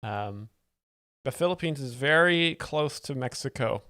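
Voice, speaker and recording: A male host explaining jokes in a deadpan, mock-serious expert manner, often halting over his words. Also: medium pitch, dry recording, studio quality.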